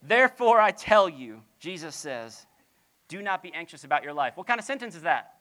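Preaching at a moderate pace, a middle-aged pastor has a crisp, bright voice with big pitch swings. The sermon moves between playful little acted scenes and hushed, low-voiced stress on important lines, peppered with rhetorical questions.

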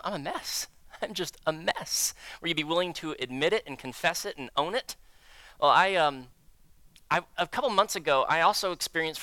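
A man preaching as lead pastor of a church, candid and self-deprecating, with animated storytelling. His voice is bright and smooth, and it sits close and dry on a stage microphone. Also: on the high side, dry recording. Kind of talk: sermon. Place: church sanctuary.

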